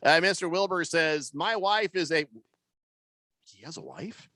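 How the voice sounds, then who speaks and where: A man hosting a sports talk radio show, joking around with co-hosts and reading listener comments aloud in an animated, wisecracking way. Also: a little high, measured pace, no room sound. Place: radio studio. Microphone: studio microphone.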